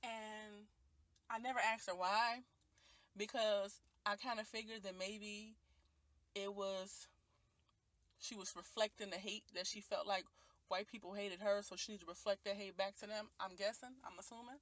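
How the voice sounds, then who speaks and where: A woman's voice: medium pitch, fairly even intonation, normal speed, a bit bright, no room sound. Woman in her 20s vlogging on her phone, heartfelt and earnest, talking straight from her own life. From Detroit, USA. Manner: earnest and heartfelt, speaking from personal experience. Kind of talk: personal video monologue.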